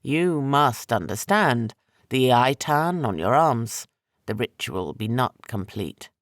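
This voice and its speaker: A man voicing an ancient, menacing sorcerer with slow, heavy, rasping speech for an audiobook. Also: medium pitch, lively intonation, no room sound, clean studio sound.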